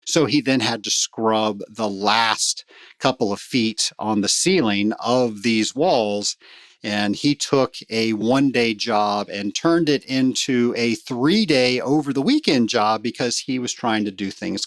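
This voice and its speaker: A man's voice: mid-range voice, lively intonation, a little slow, no room sound. A middle-aged man hosting a podcast, telling stories in a chatty way and speaking straight to his listeners. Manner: chatty storyteller, warm asides to listeners. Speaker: podcast host. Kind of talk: casual podcast monologue.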